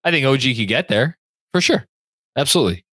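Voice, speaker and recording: A man hosting a casual sports podcast, excitable and rambling as he reads viewer comments. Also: mid-range voice, fast, breathy edge, no echo. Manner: excitable, rambling, many fillers and restarts. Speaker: podcast host.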